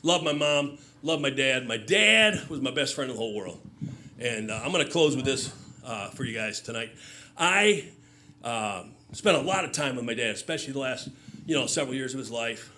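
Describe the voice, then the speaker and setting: A man's voice: medium pitch, lively intonation, moderate pace, bright, forceful tone, a little hiss or hum. A man telling a stand-up story on stage, loose and chatty, with fillers and audience laughter. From Michigan. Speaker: stand-up comedian.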